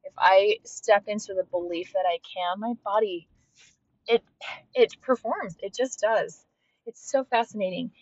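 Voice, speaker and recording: A woman's voice: mid-range voice, unhurried, dry recording. A woman hosting a podcast and coaching fitness, talking in a heartfelt, reflective solo monologue with frequent restarts. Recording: dull, slightly lo-fi with faint noise.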